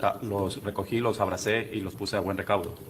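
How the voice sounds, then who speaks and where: A man with a very deep voice giving courtroom testimony, speaking very fast with hesitant fillers. A faint background noise sits under him. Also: fairly even intonation. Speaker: trial witness.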